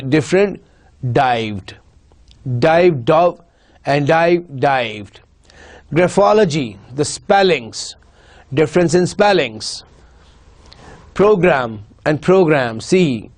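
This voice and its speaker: A man with a Pakistani English accent lectures to students in a fairly high voice. He talks in halting phrases with fillers and restarts. He also says single words slowly and carefully to demonstrate how they are pronounced. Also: darkish tone. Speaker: university lecturer. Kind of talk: recorded lecture.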